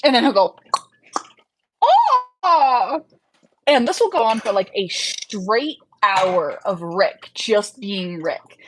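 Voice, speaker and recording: A woman hosts a relaxed livestream, speaking slowly at an ordinary pitch. She sounds tired, chats and rambles, laughs partway through her sentences, and trails off while she clicks around on her screen. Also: background noise. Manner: laughs often mid-sentence. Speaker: livestream host. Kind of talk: casual livestream chat.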